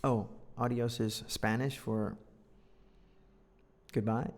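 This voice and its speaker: A man's voice: mid-range voice, fairly even intonation, slow pace. A man reading a children's story aloud to learners, joking and teasing himself between lines in a playful way. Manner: playful, joking, self-deprecating. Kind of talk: casual read-aloud with commentary. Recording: long reverb.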